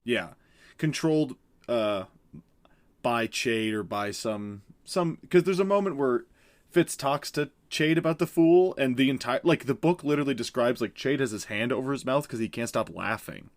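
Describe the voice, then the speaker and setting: A man's voice: medium pitch, dry recording. Talkative guy on a book podcast, laughs a lot, dry close mic. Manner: chatty and animated, quick to laugh. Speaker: podcast co-host. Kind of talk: casual book-club chat.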